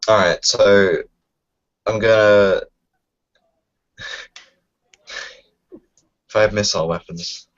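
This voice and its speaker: A man's voice: fairly low pitch, steady tone, drawn-out words, long pauses. A man playing a tabletop game, unsure and hesitant, thinking aloud about his moves. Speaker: player. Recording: dull lo-fi home recording.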